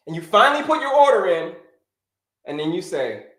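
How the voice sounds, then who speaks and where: Animated high-pitched male health coach. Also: a little fast, reverberant. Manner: animated, repetitive, preacher-like cadence. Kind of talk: live-stream talk to viewers.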